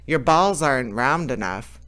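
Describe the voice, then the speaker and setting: A man's voice: medium pitch, expressive, a little slow, bright, forceful tone. A man reading as a fearless cocky young hero. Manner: cheerful, unbothered, cocky. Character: bold fearless young man who cannot shudder. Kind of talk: storybook reading.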